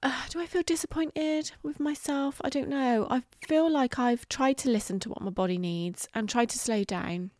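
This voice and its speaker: A middle-aged woman hosting a solo podcast, talking candidly and reflectively, halting with fillers and the odd swear word. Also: high-pitched, darkish tone, dry recording, clean studio sound. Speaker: podcast host. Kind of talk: casual solo podcast monologue.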